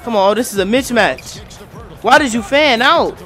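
A young man commentating live on his own basketball video game, excitable and trash-talking at the screen. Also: very high voice, moderate pace. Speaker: gaming commentator. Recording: game music and crowd noise faintly behind. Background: faint game music and arena crowd.

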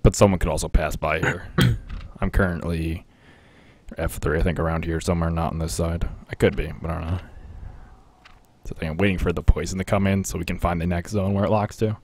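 A man's voice: low-pitched, fairly even intonation, brisk, darkish tone. A young man chatting casually while streaming a game, rambling and laughing often. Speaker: streamer playing a battle royale game. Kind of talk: casual live-stream commentary.

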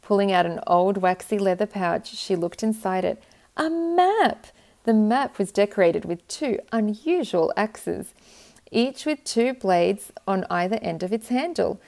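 A woman reading a children's picture book aloud with gentle, expressive narration. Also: medium pitch, a little slow, creaky. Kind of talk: storybook read-aloud.

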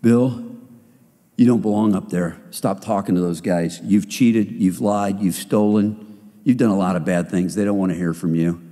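A man voicing the devil as an accusing voice inside someone's head, speaking low and hushed. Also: steady tone, moderate pace, natural voice. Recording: reverberant hall.

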